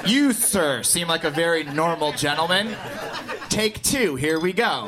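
A man's voice: a little high, lively intonation, measured pace, crowd noise. A man doing a stand-up set, telling loose, self-mocking stories in a live club. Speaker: stand-up comedian. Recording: live club mic with background noise.

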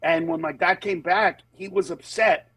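Comedian guy on a podcast, high husky voice, bouncy storytelling, does little voices for people. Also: no echo, low-quality recording. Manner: animated storytelling, slips into quick character voices; earnest and emphatic on serious points. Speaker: stand-up comedian guest. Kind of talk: casual podcast conversation.

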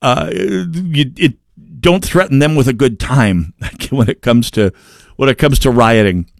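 A man's voice: mid-range voice, a little slow, creaky, dry recording, clean studio sound. A male commentator delivering an opinionated monologue, sardonic in tone and prone to stammered restarts.

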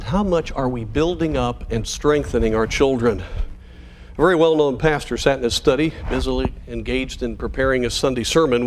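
A man's voice: medium pitch, slight background noise. A man preaching a sermon to fathers, earnest and exhorting, weaving in illustrative stories. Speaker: pastor.

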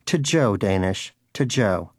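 A man's voice: fairly low pitch, lively intonation, takes it slowly, dry recording, clean studio sound. A man voicing a pious, hungry male hamster in a storybook reading, lecturing in a raised, insistent way. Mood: indignant.

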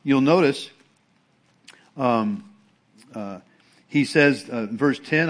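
A man's voice: medium pitch, lively intonation, very slow, long pauses. A middle-aged man preaching a sermon as pastor, in a conversational way with emphatic repetition and frequent restarts.

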